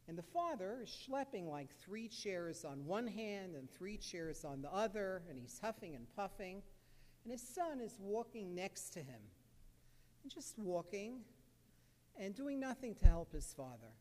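A man's voice: sits high, sing-song, unhurried, darkish tone. A man, a psychologist, telling a story in an earnest, repetitive lecture, with many fillers. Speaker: psychologist giving a talk. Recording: echoey hall.

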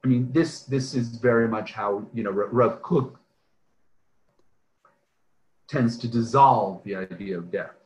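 A man's voice: medium pitch, a little slow, pauses often. Man teaching an online class, roomy echo, discursive, tags "right?" onto his points. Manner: discursive, often adds "right?" and "um", restarts phrases. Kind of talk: online lecture with questions from the chat. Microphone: video call.

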